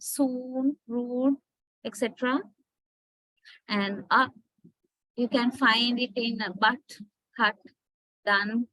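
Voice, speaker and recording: A woman lecturing slowly and patiently on vowel sounds, her voice sitting a little high. She spells words out letter by letter and keeps asking her students whether they follow. The sound is close and dry. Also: no room sound. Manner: patient, checks understanding with "right?". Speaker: English phonetics lecturer. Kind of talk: slow classroom lecture.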